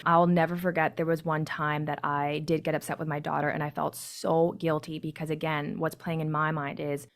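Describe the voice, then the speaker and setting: A woman in her thirties, a parenting coach, speaking candidly and reflectively as a podcast guest. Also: deep voice. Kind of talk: casual podcast conversation.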